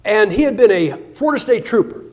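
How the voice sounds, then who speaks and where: High-voiced joking man preaching. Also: expressive, fast. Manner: folksy, joking storyteller with many restarts; shifts between loud emphasis and soft, low asides. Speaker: guest preacher. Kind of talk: sermon.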